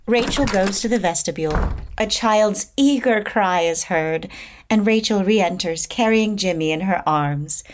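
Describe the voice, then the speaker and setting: A woman reading stage directions in a plain, measured narration. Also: medium pitch.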